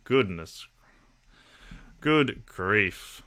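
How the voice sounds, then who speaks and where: Speaking very slowly yet animated, this Australian-accented livestream host has a lowish, bright voice and a forceful tone. He chats with his viewers in a casual, blunt way, swearing freely.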